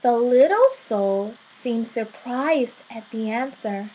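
A woman reading a storybook aloud in a soft, measured way. Her voice is high and her pace slow and deliberate. The telling stays gentle and expressive. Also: slightly rough, poor audio.

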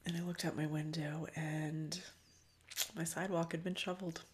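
A woman hosting a podcast, talking in a loose, candid, profane way about spiritual matters, with frequent ums and soft near-whispered stretches. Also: sits low, flat delivery, normal speed. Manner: often drops to a soft, breathy near-whisper. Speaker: podcast host. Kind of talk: casual spiritual reflection.

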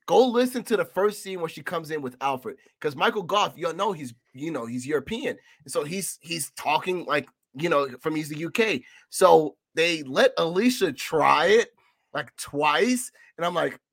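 A man's voice: on the high side, expressive, moderate pace, fairly bright tone, no room sound, studio quality. A man co-hosting a casual film review podcast, ranting in a profane, exasperated way. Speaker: podcast co-host.

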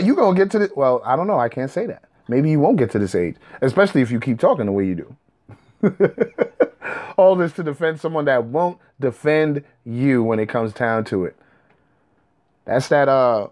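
A man's voice: medium pitch, a little mellow. A young man talking straight to his audience in a heated, profane, combative rant. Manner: profane, combative, rising to angry outbursts. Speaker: commentator.

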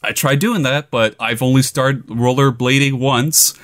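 A young man casually telling a funny personal story, laughing often and acting out his own yelling. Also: medium pitch, fairly even intonation, unhurried.

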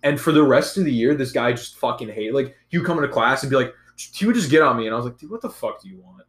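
A young man in casual chat, telling a profane, animated story about school. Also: medium pitch, fast. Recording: roomy echo.

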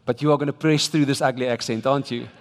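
A man's voice: mid-range voice, steady tone, fast talker. A man with a South African English accent preaching a sermon with emphatic, exhorting delivery and frequent restarts. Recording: long reverb of a large church hall.

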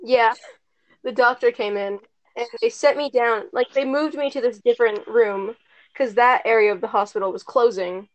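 A woman's voice: on the high side, normal speed. Rambling teenage girl, dull lo-fi audio. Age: teens. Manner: rambling, lots of "like", casual swearing. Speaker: storyteller among friends. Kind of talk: casual chat. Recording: dull lo-fi recording.

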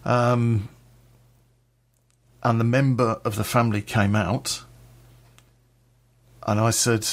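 A man's voice: medium pitch, flat delivery, takes it slowly, long pauses. A man telling a personal story in a blunt, sweary way, with a laugh now and then.

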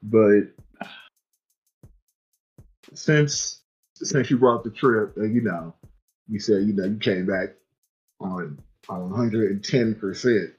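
A man co-hosting a podcast in relaxed chat, often restarting and repeating his words. His recording sounds a little muffled and dull. Faint music plays underneath. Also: lowish voice, takes it slowly, pauses often. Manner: loose, stumbling, repeats words, laughs along. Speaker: podcast co-host. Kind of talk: casual chat.

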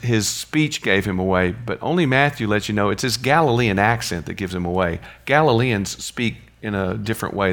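A man's voice: on the low side, gravelly, fairly bright tone. A man teaching a Bible lesson in a conversational way, restarting phrases and asking rhetorical questions.

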